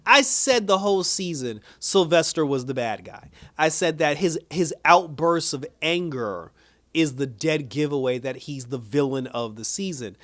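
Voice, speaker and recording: A man casually recapping and reviewing a TV episode in a rambling, animated way, leaning on "like" and "you know.". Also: on the high side, measured pace, no room sound. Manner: rambling animated retelling, heavy filler "like".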